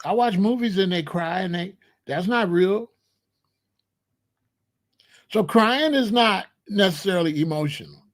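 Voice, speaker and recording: Emphatic higher-pitched man with AAVE. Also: expressive, a little slow, pauses often. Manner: emphatic, rhetorical, repeats points. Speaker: commentary host. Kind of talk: casual spoken commentary.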